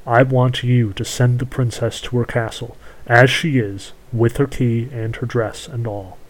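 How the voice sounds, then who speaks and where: A man's voice: medium pitch, steady tone, unhurried, close to an everyday voice, poor audio. A man voicing a weary, stubborn young prince who argues earnestly, in a storybook reading. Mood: insistent.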